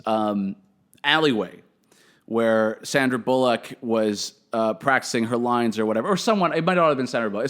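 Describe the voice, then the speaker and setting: A young man telling profane, animated stories as a podcast host, swinging between loud outbursts and muttered asides. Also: medium pitch. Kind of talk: casual comedic storytelling.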